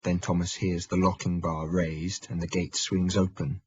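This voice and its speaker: A man reads a historical audiobook in a measured, steady narration. His voice is very low and heavily husky. The recording is dry and sounds dull and lo-fi. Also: no room sound. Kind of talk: scripted narration.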